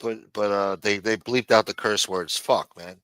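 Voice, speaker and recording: A man's voice: fairly low pitch, steady tone, a little slow, a bit bright, clean tone, dry recording, rough recording. A man co-hosting a casual livestream chat, talking in a profane, offhand way. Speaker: co-host.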